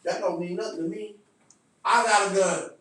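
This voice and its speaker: A man telling a story as a podcast guest, animated, emphatic and profane. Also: high-pitched, normal speed. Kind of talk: casual storytelling. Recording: echoey room, distant mic.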